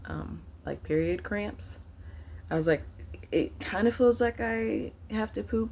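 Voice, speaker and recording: A woman's voice: deep voice, creaky, a little hiss or hum. Candid woman telling an emotional story. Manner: candid, emotional, halting with fillers. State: choked up, near tears. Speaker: vlogger. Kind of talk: personal storytelling to camera.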